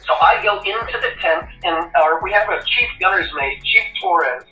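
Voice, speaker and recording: A man in his fifties tells his story with a bright, forceful voice and lively swings, swearing and laughing at his own expense. He sounds far off in a roomy, echoey space. The sound is dull, with faint music under it. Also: high-pitched, normal speed. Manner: animated, profane storyteller who laughs at himself. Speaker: retired Navy corpsman, podcast guest. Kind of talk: casual interview storytelling.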